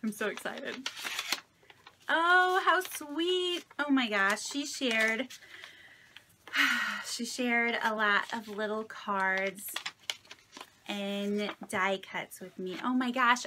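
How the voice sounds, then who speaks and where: Slow, gushing woman unboxing crafts. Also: fairly high pitch, fairly even intonation, noisy background. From Indiana, United States. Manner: gushing, sentimental, many delighted exclamations. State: unwell and a little shaky. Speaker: craft vlogger. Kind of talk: casual unboxing vlog.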